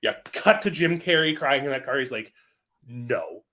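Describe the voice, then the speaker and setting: A man's voice: fairly high pitch, brisk, pushed and bright. A young adult man co-hosting a movie podcast, talking with enthusiasm and quoting others. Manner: enthusiastic, quotes others in voices. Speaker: podcast co-host. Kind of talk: casual movie chat.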